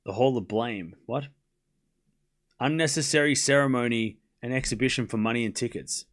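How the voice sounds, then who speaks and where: Man, streamer, casual chat, sarcastic, teasing, rambling, middle pitch. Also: normal speed. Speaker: streamer hosting a tennis watchalong. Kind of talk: casual live-stream chat answering viewers.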